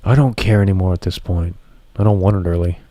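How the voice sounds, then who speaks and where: A man's voice: low voice, fast, warm tone, dry recording. A man streaming live, chatting casually to his viewers, rambling and swearing freely. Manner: profane, rambling, talks to chat. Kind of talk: casual livestream chat.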